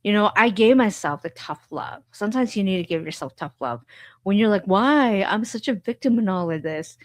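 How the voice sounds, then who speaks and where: A woman's voice: medium pitch, animated, moderate pace, no room sound, studio quality. A woman hosting a podcast, candidly telling her own story in an emotional, frank way full of fillers and repeats.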